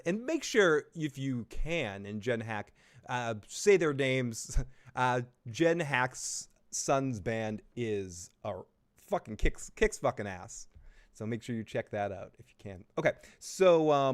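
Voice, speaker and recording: A man hosting a live review stream, chatting loosely and swearing freely. He circles back on himself and restarts his sentences, sitting at a middling pitch. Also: lively intonation, normal speed, a bit bright. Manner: rambling, profane, restarts often. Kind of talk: casual live review chat.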